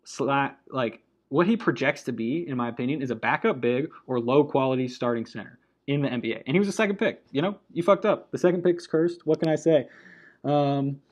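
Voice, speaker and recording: A man's voice: mid-range voice, brisk. A man giving a casual, blunt basketball opinion rant, annoyed and swearing, with frequent restarts. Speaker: basketball commentator.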